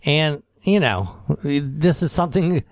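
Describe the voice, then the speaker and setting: A man co-hosting a radio show, telling a funny story in an animated way and laughing as he talks. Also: on the high side, slow, no room sound. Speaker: radio co-host. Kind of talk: casual radio chat.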